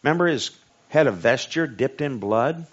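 A man with a Southern US accent preaching a sermon. He reads scripture slowly and emphatically, then jokes in a casual way. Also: mid-range voice, lively intonation, husky. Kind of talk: sermon Bible study. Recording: dull lo-fi recording.

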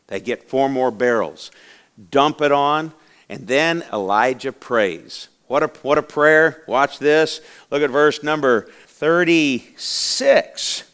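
A man's voice: medium pitch, lively intonation, unhurried, a bit bright. A man preaching a sermon in a church, telling the story in a fiery, dramatic way and acting out the voices of the people in it. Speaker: pastor.

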